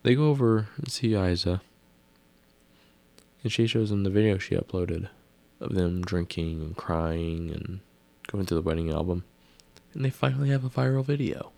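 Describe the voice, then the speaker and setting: A man's voice: sits low, normal speed, vocal fry, long pauses, warm tone. A man casually recapping a TV episode, rambling with wry asides and musing questions.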